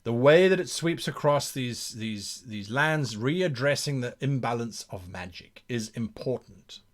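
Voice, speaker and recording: Lively man brainstorming aloud. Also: medium pitch, unhurried. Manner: thinks out loud, restarts and repeats phrases. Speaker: game master and streamer. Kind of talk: live campaign brainstorming, reading chat aloud.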